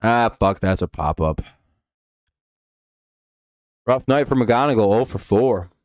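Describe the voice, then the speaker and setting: A man's voice: on the low side, lively intonation, slow pace, a little mellow, no room sound, clean studio sound. A man hosting a casual live stream, talking in a rambling, profane way with lots of fillers and restarts.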